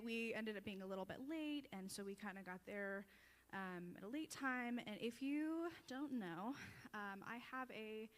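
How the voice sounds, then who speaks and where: A woman's voice: a little high, a bit bright, long reverb tail. A young woman giving a chatty, self-deprecating farewell tribute at a church service, often breaking into laughter. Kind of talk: casual storytelling speech.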